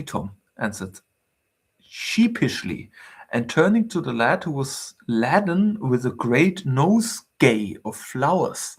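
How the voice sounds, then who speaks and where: Gravelly man reading a novel aloud. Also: mid-range voice, very animated, slow pace. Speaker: reader.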